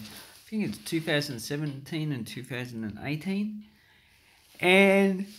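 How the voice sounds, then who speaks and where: Australian man, casual YouTuber voice-over, middle pitch, rambling and chatty. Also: fairly bright tone. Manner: rambling, chatty, with frequent ums and self-corrections. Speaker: coin collecting YouTuber. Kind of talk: casual screen-recorded commentary. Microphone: screen recorder voice-over.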